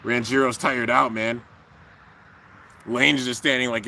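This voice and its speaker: A young man hosting a live reaction, commenting excitedly and often breaking into loud exclamations. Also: medium pitch, a little slow, vocal fry, a little hiss or hum. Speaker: channel host reacting to an anime episode. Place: home room with a fan, traffic outside.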